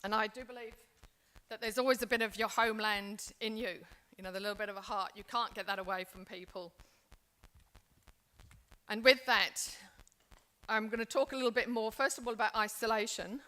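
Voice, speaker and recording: A woman's voice: a little high, moderate pace, sharp tone. A woman from England presenting a seminar, speaking in an earnest, reflective way with frequent restarts. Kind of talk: seminar talk.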